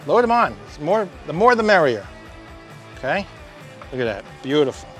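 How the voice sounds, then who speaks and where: An upbeat man with a somewhat high voice walks viewers through a cooking demonstration at the grill. He is chatty and talks straight to the audience as the show's host. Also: sing-song, normal speed, fairly bright tone, soft background music.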